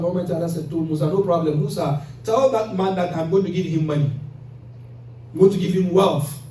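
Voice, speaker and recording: Preaching in a mosque hall, a high-pitched man with a warm tone relates moral tales and voices the people in them. There's slight background noise, and the distant recording carries the echo of the hall.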